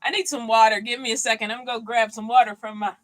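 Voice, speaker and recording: Chatty woman with a slightly high voice. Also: fairly even intonation, fast talker, no echo, poor audio. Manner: easygoing, chatty, loose and unscripted. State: mentally worn out. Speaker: vanlife vlogger hosting a livestream. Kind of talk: casual livestream chat. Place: inside a box truck she lives in. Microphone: streaming mic, at times leaning away from it.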